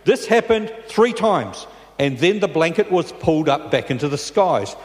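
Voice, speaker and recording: A man's voice: on the high side, very animated, normal speed, a little mellow. A man preaching a sermon in a church, talking in a conversational way and often checking in with his listeners. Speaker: pastor. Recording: long reverb in a large church.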